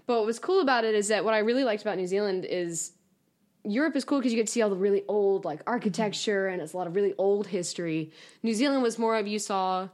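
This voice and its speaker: An American woman in her twenties chatting casually, telling stories in an animated way and acting out the voices of people she quotes. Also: mid-range voice, quick pace. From United States. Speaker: guest recounting study abroad. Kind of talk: casual chat.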